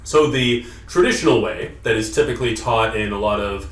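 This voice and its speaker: A man's voice: fairly low pitch, fairly quick, echoey room, distant mic. A man explaining and demonstrating how to fix a nasal voice in an instructional vlog. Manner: explanatory, demonstrates vocal sounds. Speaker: voice coach.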